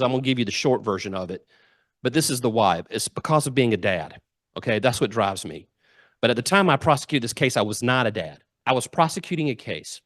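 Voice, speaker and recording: A man's voice: medium pitch, dry recording, studio quality. A middle-aged man, giving a humorous storytelling speech and acting out the quotes. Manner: lively anecdotal storyteller, acts out quotes. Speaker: guest speaker. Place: club meeting room.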